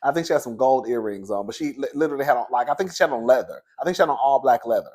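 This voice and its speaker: A man's voice: mid-range voice, lively intonation, very fast, a little mellow. Sassy, chatty man reviewing reality TV. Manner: sassy, chatty, laughs often, calls viewers "girl" and "baby". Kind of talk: casual commentary.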